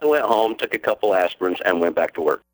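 Deep-voiced man calling in. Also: animated, fast talker, dry recording, low-quality recording. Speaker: caller. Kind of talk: phone-in storytelling.

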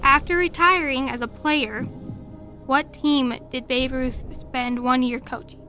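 Bright high-voiced teen girl. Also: steady tone, a little slow, faint music behind. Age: teens. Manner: laid-back, tired, dry. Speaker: intern. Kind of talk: casual chat, quiz questions.

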